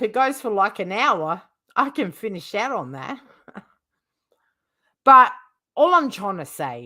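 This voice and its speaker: A woman's voice: on the low side, pushed and bright, dry recording, studio quality. A woman hosting a livestream who gossips casually, swears freely and laughs often. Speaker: livestream host.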